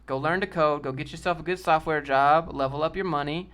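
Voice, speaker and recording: A man's voice: on the high side, fairly even intonation, a little fast, a bit bright. A man in casual live-stream chat, answering chat in a blunt, joking, brash way. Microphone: desk mic with a sock over it.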